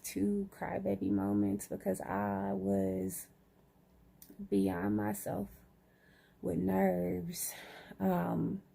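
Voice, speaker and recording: A woman's voice: medium pitch, creaky, dark tone, slightly rough. A woman chatting casually to camera, groggy after surgery, sprinkling "y'all" through her talk. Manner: chatty, says "y'all" often. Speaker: vlogger.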